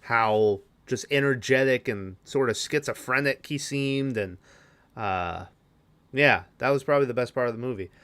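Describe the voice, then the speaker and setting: A man's voice: medium pitch, moderate pace, fairly bright tone. A man hosting a podcast, giving a rambling, casual movie recap full of fillers and restarts. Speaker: podcast host.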